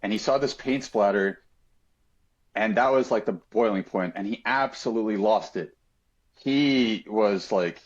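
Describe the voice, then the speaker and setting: A man's voice: lowish voice, measured pace, muffled recording. A man telling a personal story on a podcast in an earnest, reflective way, with frequent fillers and restarts.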